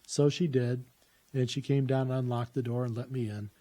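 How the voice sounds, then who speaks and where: A man's voice: mid-range voice, fairly even intonation, moderate pace, mellow. A man telling a personal story in a casual, rambling way, with lots of "uh" fillers and restarts.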